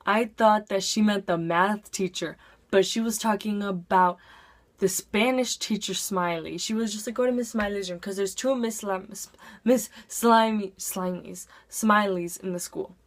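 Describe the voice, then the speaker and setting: A woman's voice: mid-range voice, unhurried. A teenage girl telling a casual storytime, chatty and filling her talk with "like". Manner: chatty, heavy use of "like". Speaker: vlogger.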